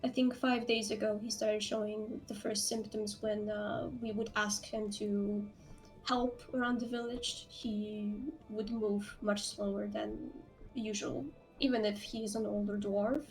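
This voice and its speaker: A woman's voice: mid-range voice, level tone, unhurried, darkish tone, faint music behind, low-quality recording. A woman acting as game master of a tabletop role-playing game, speaking in a hesitant way with fillers.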